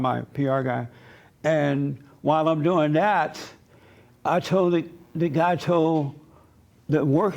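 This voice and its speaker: Male storyteller, fairly high voice, animated, acts out the people he quotes at a church gathering. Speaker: pastor and host.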